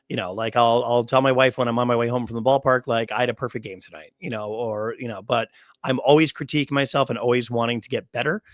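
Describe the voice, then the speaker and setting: A man in his thirties, a stadium announcer, telling long, animated stories with many fillers as a guest in a podcast interview. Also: medium pitch, dry recording.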